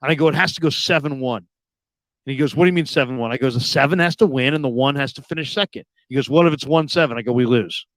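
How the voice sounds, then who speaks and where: A radio host telling a long story in casual chat, acting out the people in it with loud, high outbursts. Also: male voice, quick pace, dry recording. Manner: animated, acts out quoted people with sudden loud high outbursts.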